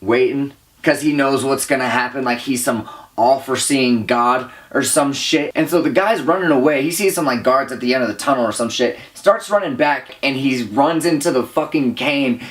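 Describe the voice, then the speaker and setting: A man's voice: mid-range voice, normal speed. A young man giving a casual movie review, rambling with lots of fillers, exasperated and often laughing. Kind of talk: casual profane movie rant.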